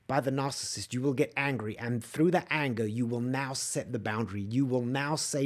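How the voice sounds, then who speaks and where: A man hosting a solo coaching podcast, talking straight to listeners and acting out angry quoted outbursts with lively emphasis. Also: medium pitch, brisk, few pauses. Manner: animated, acts out quoted outbursts, asks listeners to comment. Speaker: podcast host and empath coach. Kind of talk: solo motivational podcast talk.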